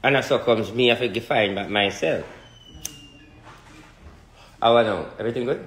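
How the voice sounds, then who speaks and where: A man with a Jamaican accent, rambling and joking in a casual live talk, breaking into laughter and loud shouts. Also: mid-range voice, normal speed, roomy sound. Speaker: spiritual reader.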